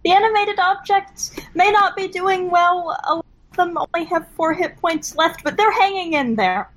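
A woman's voice: very high-pitched, moderate pace, fairly bright tone, low-quality recording. A woman playing a tabletop game, thinking aloud with frequent fillers. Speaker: player.

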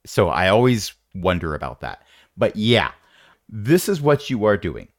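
A man's voice: lowish voice, big pitch swings, measured pace, no echo, studio quality. Man running a playful tabletop game. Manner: wry, rambling, playful. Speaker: game master.

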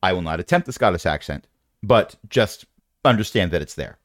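A man's voice: low-pitched, animated, fairly quick, a bit bright, dry recording, clean studio sound. A man narrating a tabletop game as game master, with playful, rambling descriptions and asides.

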